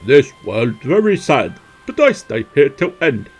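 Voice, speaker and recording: Sad, dutiful game character with halting speech, pitch swinging upward, as a streamer reads him. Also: male voice, sing-song, slightly rough. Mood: mournful. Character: mournful male game character, resigned, dutiful.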